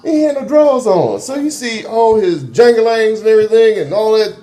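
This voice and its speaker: Middle-aged man, ex-cop guest, animated storyteller, mellow low-key tone, faint music underneath. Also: a little fast. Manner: animated, acts out voices in his stories. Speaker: interview guest, former transit police officer. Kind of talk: casual storytelling.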